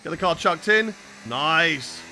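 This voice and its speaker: Young man, high bright voice, live gameplay commentary, chatty with viewers, faint engine hum. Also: animated, slow. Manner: chatty, talks to chat while racing. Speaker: streamer.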